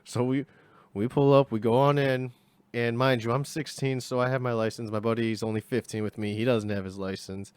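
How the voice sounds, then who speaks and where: A man's voice: mid-range voice, little pitch movement, fairly quick, a little mellow, smooth, no echo. Rambling young man telling a story. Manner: rambling, slangy, acts out voices. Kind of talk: casual story time.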